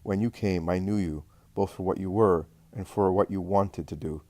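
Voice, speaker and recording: Guy doing a gentle serene teacher, low voice, soft and tender. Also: dry recording, lightly acted. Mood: soothing. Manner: calm, measured, tender. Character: gentle, serene male teacher, calm and loving.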